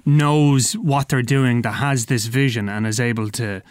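A man's voice: mid-range voice, fairly even intonation, unhurried, clear, resonant tone, no echo, clean studio sound. A man hosting a casual chat, thinking aloud, hesitant and full of fillers. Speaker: host.

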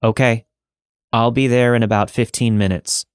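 A man voicing a curt male realtor in a flat, expressionless monotone. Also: medium pitch, normal speed, clear, resonant tone, no echo, clean studio sound, close to an everyday voice.

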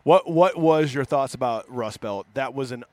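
A man's voice: medium pitch, normal speed, a little mellow, no room sound. A man hosting a casual band podcast, telling stories and laughing often. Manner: storytelling with laughs. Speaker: podcast host. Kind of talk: casual chat.

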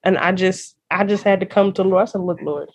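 A woman in her thirties hosting a faith podcast, talking in an animated, casual way and laughing often. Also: mid-range voice, fast talker, breathy edge. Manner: animated, laughs often, uses y'all and girl. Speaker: podcast host. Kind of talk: casual chat.

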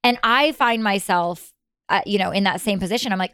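A woman's voice: medium pitch, a little fast, a bit bright, smooth, no echo, clean studio sound. A woman appearing as a podcast guest in casual chat, upbeat and encouraging, often chiming in to agree.

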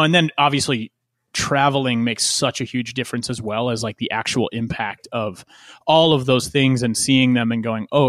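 A man talks in a relaxed, meandering way, stacking fillers and restarting his sentences. His voice sits at an ordinary pitch. It is recorded close and dry, with no room sound. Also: no echo. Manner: rambling, many fillers and restarts. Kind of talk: casual conversation.

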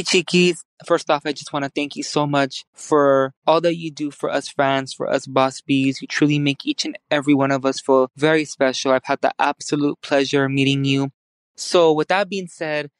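Smooth, dry-voiced man asking politely. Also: fairly high pitch, no echo. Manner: polite, admiring. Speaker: fan asking a question. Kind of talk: recorded listener question.

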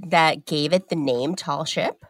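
Low-voiced playful woman co-host. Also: a little slow, no echo. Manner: teasing, playful, animated. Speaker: podcast co-host. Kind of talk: casual podcast chat.

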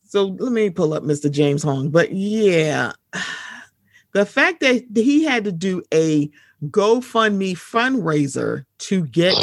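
A woman hosting a casual podcast chat, talking in a blunt, animated, often profane way and reading out news items. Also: lowish voice, slow, no echo, clean studio sound. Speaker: podcast host.

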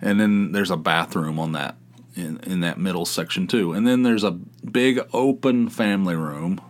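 A middle-aged man from West Virginia with a fairly low voice tells stories alone at home. He rambles, restarts his sentences and pokes fun at himself. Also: moderate pace. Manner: rambling, self-deprecating, with asides and restarts. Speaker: podcast host. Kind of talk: casual storytelling monologue. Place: home office in basement.

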